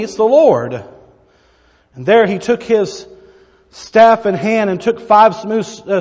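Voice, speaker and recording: High-voiced preacher in a reverberant hall. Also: male voice, darkish tone. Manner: dramatic Bible reading with asides. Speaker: pastor. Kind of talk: sermon.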